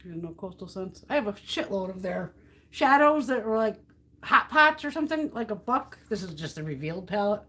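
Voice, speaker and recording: On her makeup livestream, a middle-aged woman from the US depots products while chatting casually, ranting with blunt, frequent swearing. Her mid-range voice is very animated and sharp, at a moderate pace.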